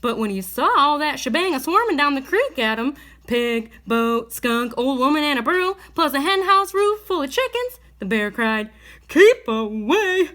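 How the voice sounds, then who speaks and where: A woman reading a bedtime story aloud in a gentle, expressive way. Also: sits high, normal speed.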